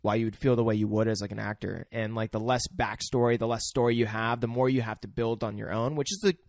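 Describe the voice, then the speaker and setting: A man's voice: fairly low pitch, steady tone, fast, no echo, clean studio sound. A man co-hosting a podcast, talking earnestly and a bit ramblingly about film acting, with slang. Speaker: podcast co-host.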